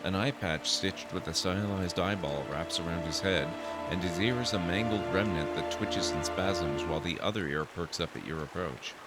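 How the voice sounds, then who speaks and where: Brief: low-voiced male streamer narrating game text, game music behind. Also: normal speed. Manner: reads narration aloud steadily, then reacts with dry asides. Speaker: streamer playing a role-playing game. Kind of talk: reading game text and casual commentary.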